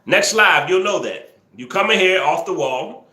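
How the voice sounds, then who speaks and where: A man hosting a live stream, teasing viewers and scolding trolls in the chat, sometimes yelling excitedly. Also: sits high, measured pace, reverberant. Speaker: livestream host. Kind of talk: casual live-stream commentary, talking to the chat.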